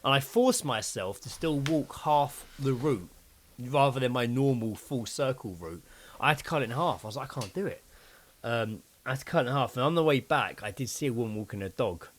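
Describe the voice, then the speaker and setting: A man in his thirties co-hosts a casual podcast. He tells stories with a lively, swooping voice, swears freely and acts out the people he quotes. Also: medium pitch, a little fast, slight background noise. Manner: animated storytelling, acting out quotes, swearing. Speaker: podcast co-host. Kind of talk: casual chat.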